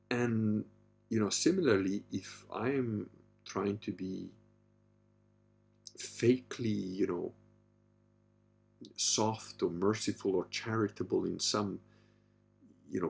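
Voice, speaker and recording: A man in his fifties hosting a casual monologue, blunt and profane, with a gravelly voice. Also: darkish tone. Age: 50s. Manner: blunt and profane, mimics others in a high falsetto. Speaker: podcast host. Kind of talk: casual live-stream monologue.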